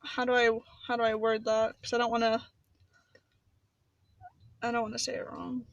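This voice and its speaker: A woman's voice: fairly high pitch, flat delivery, moderate pace, dry recording, muffled recording. A woman giving a casual, passionate motivational talk as a spiritual vlogger, rambling and repeating phrases for emphasis.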